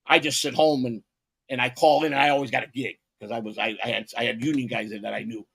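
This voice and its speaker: A man's voice: mid-range voice, fairly even intonation, fast talker, gravelly, fairly bright tone, husky. A man in his fifties, a podcast co-host, telling rambling, profane stories in casual chat with lots of restarts.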